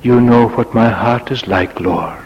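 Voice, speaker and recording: A man's voice: medium pitch, measured pace, slightly rough. A man preaching a sermon dramatically, dropping to a whisper on key words. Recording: lo-fi recording in a reverberant hall.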